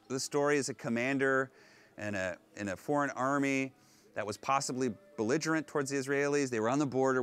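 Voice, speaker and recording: A male pastor preaching a sermon on location, retelling a story in an animated, conversational way. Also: medium pitch. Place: on location at an ancient synagogue.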